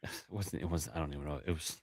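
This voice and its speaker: A man's voice: rumbling low, steady tone, quick pace, darkish tone, husky, no room sound. A man hosting a casual chat show, telling a story with lots of restarts and filler words. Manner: rambling, many restarts and fillers. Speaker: host.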